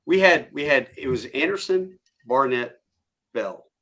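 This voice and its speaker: A man in his fifties, a podcast host and former Marine, telling animated stories in a casual chat. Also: mid-range voice, a little slow. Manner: animated storyteller, acts out quotes.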